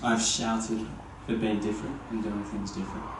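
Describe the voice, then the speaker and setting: Young groom reading his vows, sincere and soft, kinda low voice, distant and echoey with background noise. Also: flat delivery, moderate pace. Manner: earnest and tender, with light humor. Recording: echoey distant venue sound with ambient noise.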